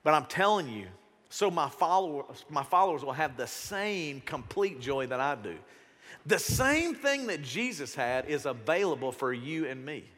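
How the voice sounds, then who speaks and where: Animated man preaching in a reverberant hall. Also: on the high side, normal speed. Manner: casual, animated, slips into other voices. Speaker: pastor. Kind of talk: sermon. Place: church auditorium.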